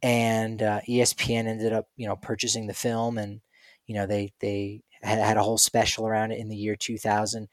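A man's voice: on the low side, monotone, a little fast, dry recording. A man co-hosting a podcast, chatting casually and telling stories with playful quoted voices. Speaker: podcast co-host. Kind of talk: casual chat.

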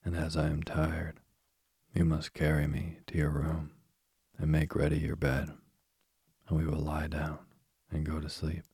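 A man voicing a small, insistent male frog in a calm, low, unhurried storybook reading. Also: creaky, husky, no room sound, studio quality, heavily acted. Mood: pleading, insistent.

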